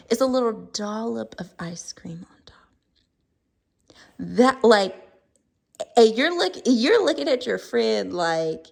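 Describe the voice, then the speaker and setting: A woman's voice: mid-range voice, creaky. A woman from the US, reviewing a candle in a playful, rambling way with comic stories. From Southern United States. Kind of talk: casual storytelling review vlog.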